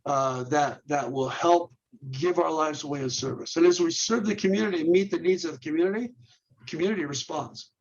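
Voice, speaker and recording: Dull, lo-fi audio carries the brisk, fairly high voice of a men's ministry leader guesting on a ministry podcast. Earnest and instructional, he moves through his points step by step, stacks rhetorical questions, and stumbles into repeating and restarting words.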